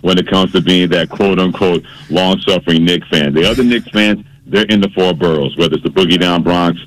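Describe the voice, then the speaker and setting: A man's voice: sits low, brisk, poor audio. A man hosting a sports radio show, telling stories and teasing a colleague in a playful way. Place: radio studio. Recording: radio broadcast.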